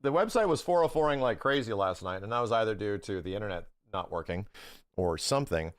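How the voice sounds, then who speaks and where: A man's voice: on the low side, animated, fast talker, no echo. A man live-streaming, chatting casually with his viewers, rambling through opinionated takes and swearing freely.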